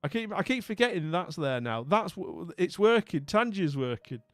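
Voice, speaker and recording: A northern English streamer, a bit weak from a recent illness, chats in a casual, rambling way full of restarts and friendly greetings. His smooth voice sits high with big pitch swings at a normal speed. The recording is dry.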